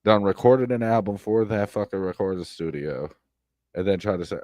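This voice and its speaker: A man with a very deep voice rants about online drama on his stream, swearing freely and circling back over his points. His voice sits close and dry on the mic, with no room around it. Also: moderate pace, no echo. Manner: blunt, swears freely, repeats himself, loud outbursts. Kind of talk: casual profane commentary stream. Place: home streaming setup.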